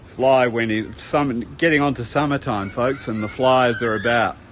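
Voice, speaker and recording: A man's voice: medium pitch, normal speed, fairly bright tone, slight background noise. A man rambling through a casual walking tour of a beach park, talking to viewers as he goes. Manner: chatty, rambling, addresses viewers as folks. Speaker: travel vlogger. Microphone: handheld camera while walking.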